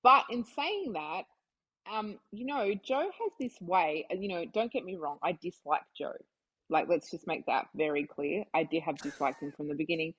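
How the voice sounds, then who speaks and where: A woman's voice: fairly low pitch, animated, normal speed, fairly bright tone, slightly rough, low-quality recording. An Australian woman, a vet, chatting as a podcast guest in a rambling way full of asides. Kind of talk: casual chat.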